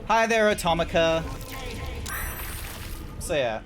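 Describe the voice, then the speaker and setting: A man's voice: on the high side, big pitch swings, slow, noisy background. A man streaming a game, chatting casually in a rambling way. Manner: rambling, many fillers and restarts. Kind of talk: casual chat while gaming. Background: background music.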